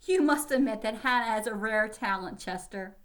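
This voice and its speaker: A woman reading aloud, voicing a lively young lady who teases in a bright, higher voice. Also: moderate pace, close to an everyday voice. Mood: teasing.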